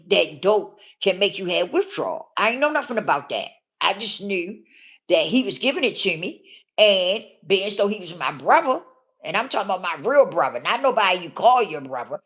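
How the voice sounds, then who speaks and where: This woman's voice has a medium pitch and a fairly bright tone. A vlogger, she tells her own story candidly, bluntly and casually, frequently checking in with whoever is listening.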